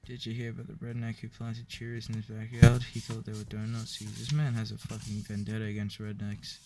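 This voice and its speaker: A man reading a joke book aloud in a flat, weary way, with profane asides. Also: on the low side, fairly quick, a crowd in the background. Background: clear background music.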